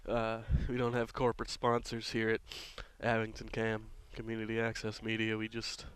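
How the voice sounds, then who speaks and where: A man's voice: fairly low pitch, completely flat delivery, moderate pace, fairly bright tone, clean tone. A man doing casual, rambling play-by-play for a local baseball game, drifting into offhand jokey asides.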